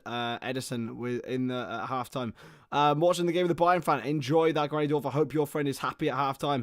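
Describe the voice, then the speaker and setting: A young man giving excitable live football play-by-play on a stream, his voice starting to go hoarse, greeting viewers between plays. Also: medium pitch, brisk, dry recording, studio quality. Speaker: football watchalong host.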